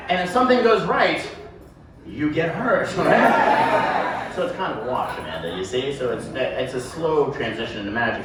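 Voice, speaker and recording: A man running a sideshow act in a live venue, cracking self-deprecating jokes at a volunteer as he works. His voice sits a little back from the mic and rings around a very echoey room. A steady noise hangs behind him. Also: mid-range voice, far from the mic. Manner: joking, self-deprecating, rambling patter. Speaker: sideshow performer. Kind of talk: live stage patter with a volunteer. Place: live show venue with audience.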